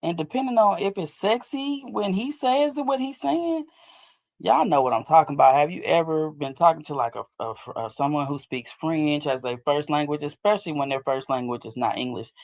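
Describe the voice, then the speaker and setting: A woman hosting a late-night talk podcast, chatting casually and reacting to clips, her voice jumping high when excited. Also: dry recording. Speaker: podcast host.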